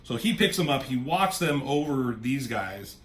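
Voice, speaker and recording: A man casually recapping a comic book, swearing freely and popping into quick voices for the characters. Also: medium pitch, animated. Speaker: comic reviewer.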